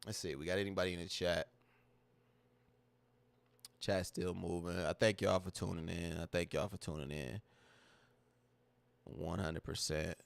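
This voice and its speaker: A man's voice: low voice, fairly even intonation, unhurried, creaky, long pauses, clear, resonant tone, no echo. A man hosting a livestream, talking casually to his chat in a candid, emotional, slang-heavy way that repeats itself. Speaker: livestream host.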